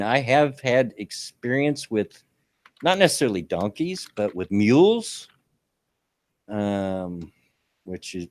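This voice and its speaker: Older male co-host, low-pitched, folksy rambling delivery. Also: a little mellow. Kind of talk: casual chat.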